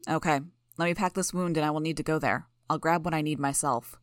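A woman's voice: deep voice, fairly even intonation, brisk, no echo, studio quality, natural voice. A woman voicing a smug, blunt male street medic with a hard-to-place accent that stresses syllables hard, speaking in a clipped, matter-of-fact way. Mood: curt.

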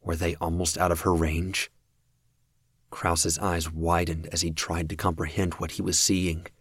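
A man reading a fan audiobook in a very deep, unhurried voice. His delivery is steady and measured, and the recording is dry and close. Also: slightly rough, no room sound. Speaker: audiobook narrator.

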